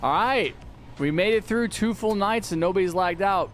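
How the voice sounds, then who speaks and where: A man's voice: sits high, normal speed, fairly bright tone, faint music behind. Chatty male game streamer. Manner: chatty, reads viewer chat aloud and answers it. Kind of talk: casual live-stream chat.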